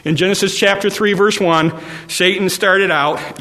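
High, bright-voiced preacher in a reverberant hall. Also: male voice, moderate pace. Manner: repetitive preaching cadence, rising to emphatic warnings. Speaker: pastor. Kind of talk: sermon. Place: church sanctuary.

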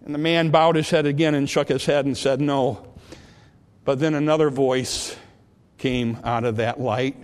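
A man's voice: medium pitch, steady tone, normal speed. A man preaching a sermon in a church, earnestly repeating questions to the congregation before leading a prayer. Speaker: pastor. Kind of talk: sermon with altar call and prayer. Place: church sanctuary.

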